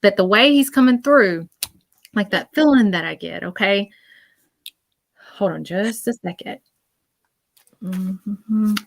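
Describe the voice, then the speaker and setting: A woman giving a psychic reading on a live stream, chatty and repetitive, often pausing to listen. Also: mid-range voice, vocal fry, no echo. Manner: chatty, repeats herself, often pauses to listen.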